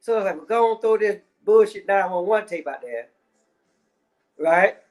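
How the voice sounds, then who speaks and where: A man's voice: high voice, expressive, moderate pace. A man ranting in casual commentary, heavy on swearing and repeated fillers. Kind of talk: profane rant.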